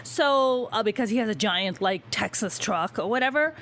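A woman's voice: mid-range voice, normal speed, slight background noise. A young woman telling a story in casual chat, swearing freely and acting out the voices of the people in it. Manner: animated, swearing, acts out quoted voices. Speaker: podcast host telling a story.

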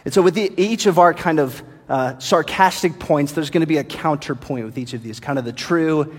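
A man's voice: on the high side, normal speed, big-room sound. A pastor delivering a playful, tongue-in-cheek sermon to his congregation in a church. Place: church sanctuary.

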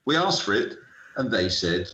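A man's voice: lowish voice, normal speed, a little hiss or hum. A middle-aged man from the UK, a sports entrepreneur telling stories as an interview guest, acting out the conversations he recalls. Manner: animated anecdotal, acts out dialogue. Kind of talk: storytelling interview. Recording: echoey room, dull lo-fi sound.

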